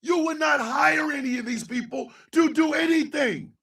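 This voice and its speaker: A man hosting a radio show, ranting angrily and sarcastically about politics, swearing and often shouting. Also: extremely high pitch, moderate pace, creaky, distant mic. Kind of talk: angry political rant.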